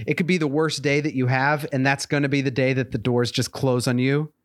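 A man's voice: mid-range voice, flat delivery, fairly quick. A man co-hosting a podcast in casual chat, rambling with many fillers and restarts. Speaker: podcast co-host.

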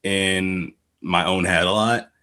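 A man's voice: low voice, steady tone, slow pace, pushed and bright. A man in casual conversation, rambling and restarting often, swearing freely and acting out quoted remarks. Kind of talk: casual podcast chat.

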